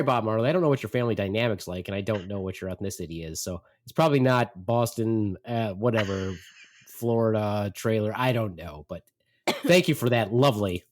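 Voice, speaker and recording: Animated male storyteller, lively pitch. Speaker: podcast host. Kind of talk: storytelling, casual chat.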